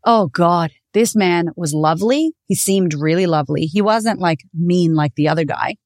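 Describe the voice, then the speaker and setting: A woman podcast host with a lower voice tells her own story in a candid, animated way. Her speech is close to the mic with a dry sound and no room echo. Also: normal speed. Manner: candid, animated, swears freely. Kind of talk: personal storytelling monologue.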